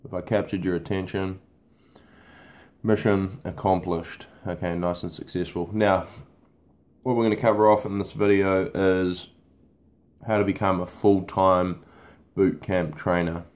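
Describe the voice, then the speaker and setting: A man's voice: low voice, flat delivery, a little slow, darkish tone. A man, a boot camp fitness trainer, talking off the cuff to camera in a blunt, casual way and swearing freely. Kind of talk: unscripted talk to camera.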